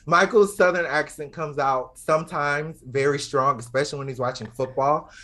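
A man's voice: a little high, fairly even intonation, normal speed, bright, forceful tone. A man from Georgia in the American South, hosting a casual podcast chat, playful and teasing. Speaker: podcast host.

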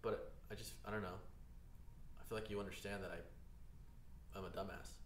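A man's voice: fairly low pitch, level tone, a little fast. A man co-hosting a podcast in casual chat, rambling, losing his train of thought and saying "dude" constantly, recorded in a library. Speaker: podcast co-host. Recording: echoey room with faint noise.

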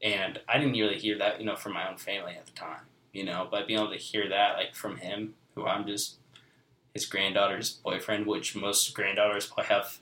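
A man in his twenties gives a heartfelt personal testimony, rambling and filling pauses with "you know" and "like". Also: fairly low pitch, flat delivery, sharp tone. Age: 20s. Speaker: guest. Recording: echoey room.

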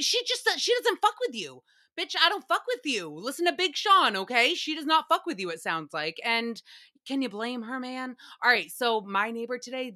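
Young woman podcast host, high bright voice, swears freely, animated solo recap chatter. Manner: profane, animated storytelling with laughs. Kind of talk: casual solo recap chat.

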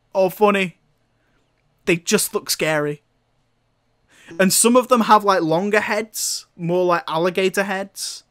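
A man's voice: high-pitched, dry recording, studio quality. A man casually recapping a film, rambling and amused, with sarcastic asides and frequent laughter. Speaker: film reviewer.

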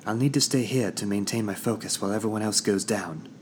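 A man voicing a confident young woman wand-wielder, speaking in a calm, assured way. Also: fairly low pitch, fast talker, a little hiss or hum, pitched above the performer's own voice, natural voice. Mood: steady. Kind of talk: audiobook narration.

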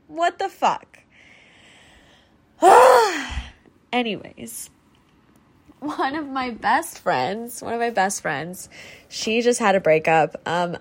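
A young woman hosting her own podcast, rambling and ranting casually with lots of fillers and swearing, on a faulty home microphone. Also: mid-range voice. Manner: chatty, swears freely, rambling with many fillers. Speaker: podcast host. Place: at home with a squeaky chair.

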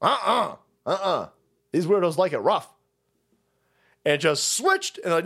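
Profane male streamer ranting, somewhat high voice with big swings in pitch. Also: big pitch swings, a little slow, vocal fry, long pauses, fairly bright tone, husky. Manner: foul-mouthed, rambling, sarcastic. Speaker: host. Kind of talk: ranting political commentary stream.

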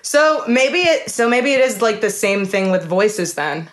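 A woman in a relaxed live chat, talking over a video call with lots of laughter and quick playful impressions. Her voice sits at an ordinary middle pitch and she tells stories eagerly. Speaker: co-host.

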